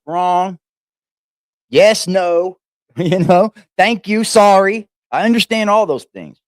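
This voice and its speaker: A man's voice: high-pitched, dry recording, studio quality. A man hosting a reaction livestream, talking casually in a rambling, repetitive and emphatic way, with some swearing.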